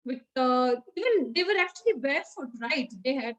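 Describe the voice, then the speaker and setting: A woman's voice: high voice, lively intonation, moderate pace, lo-fi sound. A woman, teaching children by retelling a story in a chatty way, with many fillers and questions to the class.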